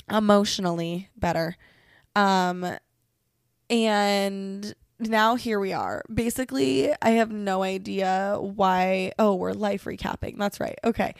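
Her voice is creaky and mid-range, recorded at studio quality without room sound. She's a young podcast host who is sick and congested, delivering a casual, profane, rambling venting session alone in her bedroom while poking fun at herself.

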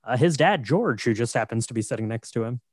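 A man with a mid-pitched voice recaps a movie in a relaxed podcast chat. He talks in an easygoing, conversational way. The recording is dry and close, with no room sound. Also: fast, no echo. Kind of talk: casual film recap chat.

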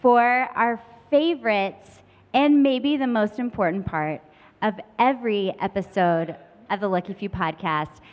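A woman's voice: mid-range voice, unhurried. A woman hosting a live podcast on a conference stage, chatty, playful and upbeat. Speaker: podcast host. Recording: hall reverb, dull lo-fi sound.

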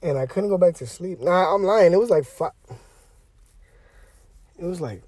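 A man's voice: high voice, expressive, normal speed, a little mellow. A tired young man hosting his own podcast from inside a parked car, rambling in a laid-back, slangy way with plenty of fillers. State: tired and sleepy. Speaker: podcast host. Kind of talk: casual solo podcast chat.

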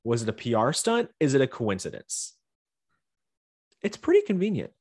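Male co-host, playful needling, very lively pitch, casual video-call chat. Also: normal speed, no room sound, studio quality. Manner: teasing, animated, argumentative. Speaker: podcast co-host.

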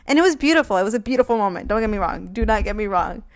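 A woman's voice: mid-range voice, animated, rapid-fire. A young woman talks through a casual solo podcast in a mid-range voice. She is candid and rambling, with plenty of fillers and restarts. Her delivery sounds loose and unscripted. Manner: chatty and candid, lots of fillers and laughter. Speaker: podcast host.

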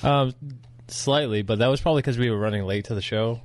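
A man's voice: medium pitch, fairly quick, a little mellow, dry recording. A man co-hosting a radio show in a studio, making dry, teasing wisecracks. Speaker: radio co-host and technical producer. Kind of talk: casual on-air banter. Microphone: studio microphone.

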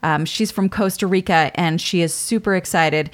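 A woman's voice: on the low side, normal speed. A woman co-hosting a podcast, chatting playfully and reading out listener messages. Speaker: podcast co-host. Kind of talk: casual podcast chat.

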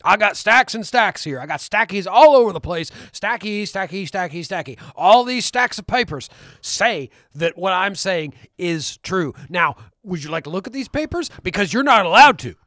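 A blustering, shouty conspiracy radio host rants in a high, animated voice, as a man puts him on. The sound is dry and close. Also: moderate pace, no room sound. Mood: ranting. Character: ranting male conspiracy radio host impression.

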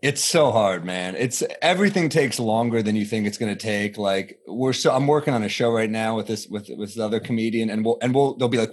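A man in his thirties, a comedian, chatting in an interview and telling animated stories, acting out quotes in a higher voice. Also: a little fast. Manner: animated storytelling, acts out quotes with jumps in pitch. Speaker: comedian guest. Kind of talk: casual interview chat.

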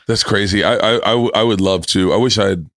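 A man's voice: lowish voice, fast talker, dry recording, studio quality. An American man hosting a podcast, asking eager questions and restarting his sentences often. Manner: eager, curious, stumbling restarts. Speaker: podcast host. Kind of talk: casual chat.

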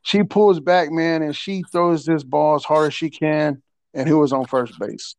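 Man, fairly high voice, slangy, animated storyteller, dry close sound. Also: measured pace, clear, resonant tone, no echo. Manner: animated, slangy, repeats words, laughs often. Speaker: podcast guest, assistant softball coach. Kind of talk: casual storytelling chat.

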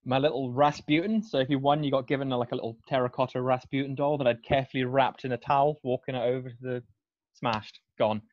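A man's voice: medium pitch, fairly even intonation, fast, dry recording. A young man tells a rambling story in casual chat, laid-back and peppered with fillers and swearing. His voice sounds dry and a little dull, as if recorded on a lo-fi setup.

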